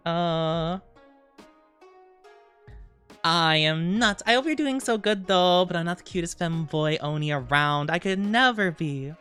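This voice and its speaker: A woman VTuber casually chatting with her live-stream viewers, playful and quick to laugh. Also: on the low side, clean tone, faint music behind. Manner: playful, giggly, animated.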